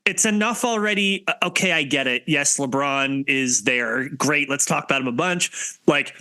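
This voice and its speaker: A man co-hosting a sports podcast in casual chat, lively and jokey as he rattles off scores. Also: mid-range voice, moderate pace, clean tone, no room sound. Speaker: podcast co-host.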